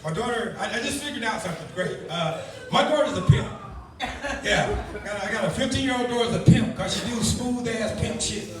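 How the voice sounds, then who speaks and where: A middle-aged man hosting a stand-up comedy show, telling loose, profane stories in an animated way. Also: extremely high pitch, brisk, noisy background. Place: comedy club. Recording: very echoey room, heard from far off. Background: audience laughing.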